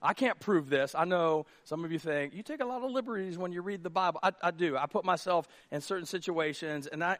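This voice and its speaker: Higher-voiced male pastor preaching a sermon. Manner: conversational, drops to a hush for acted dialogue, then rises to near shouts. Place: church auditorium stage.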